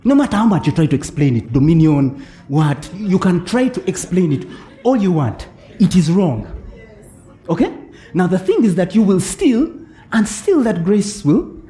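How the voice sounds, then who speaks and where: A man's voice: high-pitched, moderate pace. A man preaching a sermon as pastor, often checking in with his congregation and chuckling between points. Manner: animated preaching with frequent "eh?" check-ins and chuckles.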